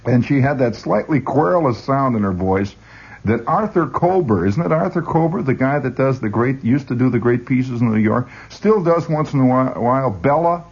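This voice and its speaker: A man's voice: medium pitch, animated, moderate pace, a little mellow, husky. A man hosting a rambling radio monologue, full of stammered restarts and chuckling asides. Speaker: radio host. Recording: dull lo-fi radio recording.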